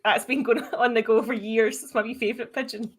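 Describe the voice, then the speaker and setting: A woman's voice: fairly high pitch, fairly even intonation, a little fast, breathy edge. A woman with a Glasgow accent, co-hosting a podcast in casual chat and laughing often. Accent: Glaswegian. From Scotland. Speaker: podcast co-host.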